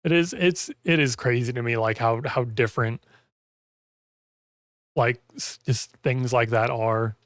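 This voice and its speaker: A man's voice: medium pitch, fairly even intonation, measured pace, long pauses, no room sound, clean studio sound. A man chatting casually on a gaming stream, rambling with lots of "like" fillers and losing his voice. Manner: rambling, heavy use of "like". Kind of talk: casual chat while gaming.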